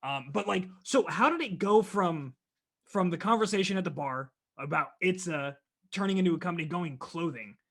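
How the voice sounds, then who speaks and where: A man hosts a casual interview, speaking enthusiastically and warmly to his guest. His voice sits a little higher than most men's. He often trails off and circles back to finish his thoughts. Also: expressive, moderate pace. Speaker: podcast host.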